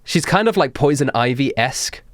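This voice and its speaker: A man narrating a tabletop game as game master, unhurried and with many fillers. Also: mid-range voice, lively intonation, no echo, studio quality.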